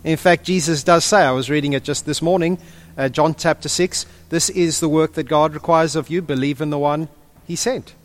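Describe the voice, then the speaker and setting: A man leading an interactive church group session as pastor, jokey and animated with quick asides. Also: fairly high pitch.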